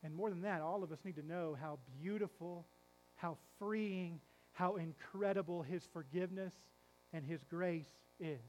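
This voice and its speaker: A middle-aged male pastor preaching a sermon, telling a story dramatically, quizzing the congregation and dropping to a hush for emphasis. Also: a little high, normal speed, slight background noise, low-quality recording. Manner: dramatic storytelling, asks the congregation questions, swings from loud to hushed.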